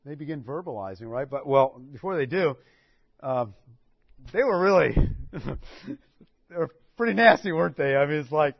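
High-voiced man preaching an animated sermon. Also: moderate pace, creaky, no echo. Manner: animated storytelling, acting out quotes. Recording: dull dry recording.

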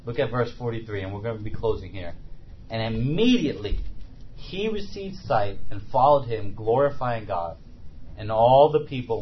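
A man's voice: medium pitch, highs cut off, slight background noise. A man preaching a sermon in a conversational way, often asking rhetorical questions.

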